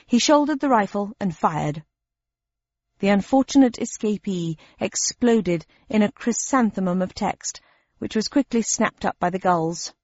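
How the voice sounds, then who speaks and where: Expressive woman audiobook narrator, lively pitch, dry booth sound. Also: unhurried, dry recording, muffled recording. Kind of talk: scripted first-person narration.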